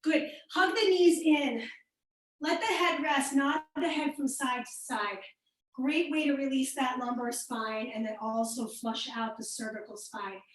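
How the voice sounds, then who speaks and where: A woman's voice: sits high, unhurried. Upbeat Midwestern woman fitness instructor. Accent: American Midwestern. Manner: upbeat, cueing and encouraging class members by name. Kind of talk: live workout class instruction. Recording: echoey room, voice from far off the mic.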